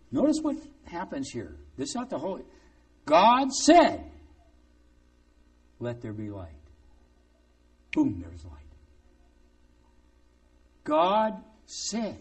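A man preaching a sermon in a lively, conversational way, with joking, sarcastic asides. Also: mid-range voice, distant mic.

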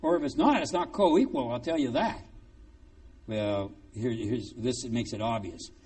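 A man preaching a sermon in a lively, conversational way, with joking, sarcastic asides. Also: medium pitch, a little slow, far from the mic.

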